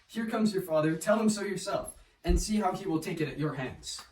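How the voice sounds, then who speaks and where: A man's voice: high-pitched, expressive, fairly quick, darkish tone, recorded from a distance, slight background noise. A man playing a cold, stern noblewoman mother in an amateur Shakespeare reading, curt and dismissive. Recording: roomy echo, off-mic.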